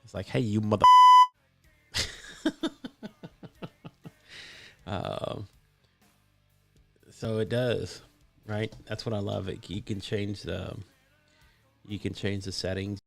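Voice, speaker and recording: A man's voice: fairly low pitch, flat delivery, takes it slowly, vocal fry, pauses often, a little mellow, faint music behind. A man hosting a casual live stream, chatty and enthusiastic with many fillers, his mic voice processed for added depth. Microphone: desktop microphone with voice processing.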